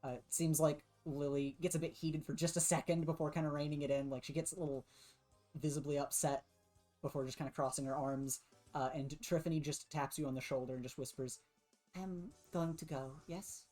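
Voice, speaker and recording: A woman running a tabletop game in a low voice, narrating casually with plenty of fillers. Faint music plays underneath. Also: level tone, fairly quick, warm tone. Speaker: game master.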